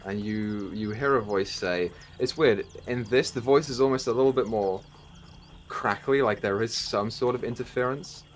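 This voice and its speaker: A man with a lowish voice runs a tabletop game as dungeon master, narrating in a measured way with frequent ums. A faint hiss of noise sits under his voice.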